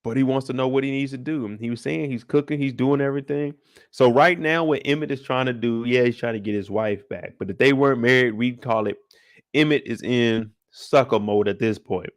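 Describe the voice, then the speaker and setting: Young male recap host, casual and slangy, jokey, mid-pitched voice, dry close sound. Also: brisk, dry recording. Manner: slangy, joking, talks straight to the characters. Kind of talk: casual live after-show discussion.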